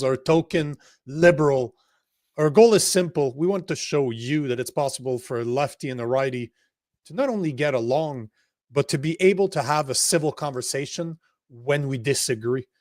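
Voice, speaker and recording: A man's voice: on the high side, no echo, clean studio sound. A man from the Montreal area co-hosting a live political talk show, joking and swearing in casual banter. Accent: Montreal English. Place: home studio near Montreal.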